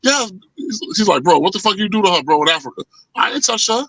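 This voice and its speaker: Man, animated storyteller, profane, acts out quotes, slightly high pitch, dry sound. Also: very fast, no echo, rough recording. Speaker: podcast co-host. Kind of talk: casual storytelling chat.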